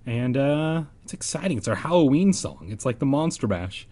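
A man's voice: mid-range voice, sing-song, normal speed, dark tone. A man casually reading a children's horror book aloud and breaking off for rambling, joking asides. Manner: rambling, joking, self-deprecating. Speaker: reader and host.

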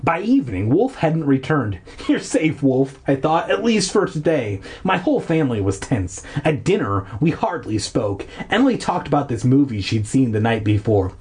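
A man reading a storybook aloud in a relaxed, irreverent way, with a husky, breathy voice. His pitch moves around a lot as he goes. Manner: irreverent, laughs and swears at his own slips. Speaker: reader of a children's horror novel. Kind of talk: casual audiobook reading with jokey asides.

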